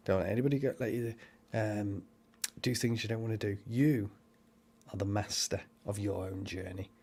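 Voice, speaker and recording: Brief: male stream host, low-ish voice, rambling casual chat during card readings. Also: normal speed, husky. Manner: rambling, chatty, animated. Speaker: paranormal livestream host.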